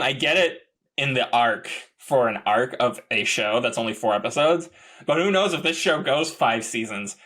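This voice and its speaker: A man co-hosting a podcast in casual chat, rambling and rising into excited outbursts. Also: medium pitch, normal speed. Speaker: podcast co-host.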